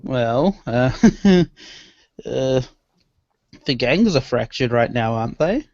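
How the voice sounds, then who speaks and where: Slow-talking man playing a game character. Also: medium pitch, lively intonation, darkish tone, no room sound. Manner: slow, laughs between lines. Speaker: player. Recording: dry, dull lo-fi recording.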